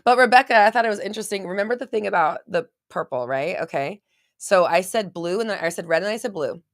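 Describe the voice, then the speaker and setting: A woman's voice: mid-range voice, quick pace, dry recording, studio quality. A woman hosting a casual live stream, rambling chattily and reading out viewer comments.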